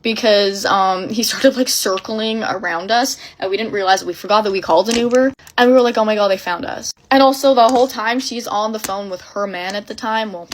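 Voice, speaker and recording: A young adult woman in a casual storytime, telling a tale in an animated, breathless way full of filler words. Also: medium pitch, a little fast, hardly any pauses, a little hiss or hum.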